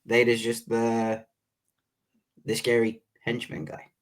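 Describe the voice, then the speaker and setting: A man co-hosting a podcast in a relaxed casual chat, often quoting film lines. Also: medium pitch, takes it slowly. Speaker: podcast co-host.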